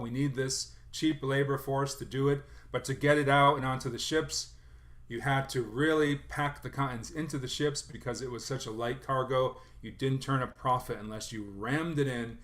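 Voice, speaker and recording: A man's voice: mid-range voice, a bit bright. Man giving a thoughtful history talk. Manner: thoughtful, many fillers and restarts. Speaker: lecturer on sailor songs. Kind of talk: academic presentation.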